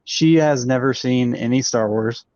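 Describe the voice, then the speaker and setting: A man co-hosting a casual review chat, speaking in a measured way with many ums and uhs. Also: medium pitch, darkish tone, dry recording. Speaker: co-host. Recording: dull, dry close recording.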